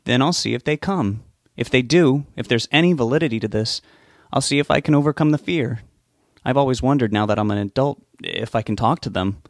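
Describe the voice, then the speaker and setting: A man's voice: mid-range voice, brisk, no echo, clean studio sound, lightly acted. A man reading an audiobook, voicing an anxious, stubborn young man who talks in an earnest, pleading way. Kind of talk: audiobook character voice.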